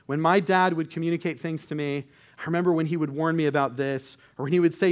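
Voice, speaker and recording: A man's voice: fairly high pitch, fast. Earnest male pastor preaching. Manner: earnest, conversational preaching with frequent restarts. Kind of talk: sermon.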